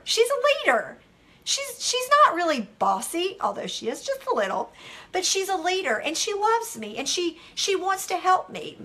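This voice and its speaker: A middle-aged woman giving a devotional teaching talk, telling candid stories with animated delivery and acting out what people said. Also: high-pitched, normal speed. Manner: animated, candid storytelling that acts out its own quotes. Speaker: devotional author and speaker.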